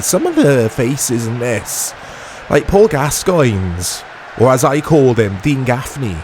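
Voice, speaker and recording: A man hosting a gaming channel, chatting and joking through a let's play, laughing often and bursting into excited play-by-play. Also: fairly high pitch, a little hiss or hum.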